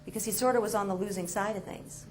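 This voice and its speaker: Animated New woman telling a story. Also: mid-range voice, quick pace, a little hiss or hum. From New York. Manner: animated, self-mocking, expressive. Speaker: motivational speaker. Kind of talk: storytelling speech to an audience.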